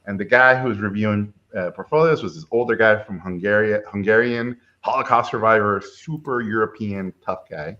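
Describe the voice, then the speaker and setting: A middle-aged man from Mexico, a film director, telling a story in a lively way and acting out the people in it. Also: on the low side, brisk, hardly any pauses, highs cut off. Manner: animated, acts out quoted voices. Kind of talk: casual storytelling chat.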